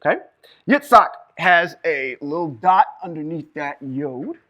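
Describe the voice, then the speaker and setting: A man teaching Hebrew reading and scripture to a live group, lively and quizzing the room with questions. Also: a little high, a little slow. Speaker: Bible teacher. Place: room with a small live audience.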